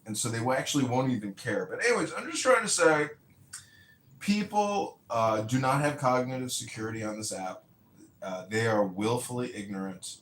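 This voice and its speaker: A man, a candidate hosting a podcast, telling rambling, animated stories in casual chat and swearing freely. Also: mid-range voice, normal speed. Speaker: mayoral candidate and podcast host. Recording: roomy echo with faint ambient noise.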